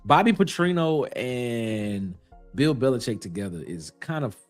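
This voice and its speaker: An easygoing man co-hosts a sports chat, chuckling and repeating his quick reactions. His pitch moves around freely, and faint music sits behind him. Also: big pitch swings. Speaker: sports show co-host.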